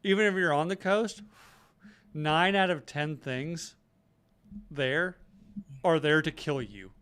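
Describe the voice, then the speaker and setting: A man's voice: fairly high pitch, slow, fairly bright tone, smooth. An American man co-hosting a comedy podcast, chatting casually, joking and swearing. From United States. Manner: jokey, swearing, drops into put-on voices. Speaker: podcast co-host.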